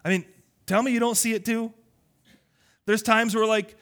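High-voiced, playful male pastor preaching. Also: normal speed. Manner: animated, conversational preaching with playful teasing. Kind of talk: sermon.

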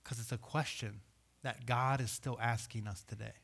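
A man preaching a sermon, reading scripture aloud and voicing questions, swinging from loud emphasis to hushed, low delivery. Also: steady tone, moderate pace, creaky. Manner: reads scripture aloud and voices imagined questions. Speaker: pastor.

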